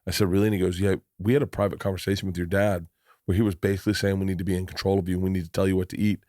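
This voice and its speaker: A man's voice: low voice, little pitch movement, racing, darkish tone, no room sound, studio quality. A middle-aged man hosting a podcast, telling stories in a rambling, restart-filled way with plenty of swearing. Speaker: podcast host. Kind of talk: casual chat.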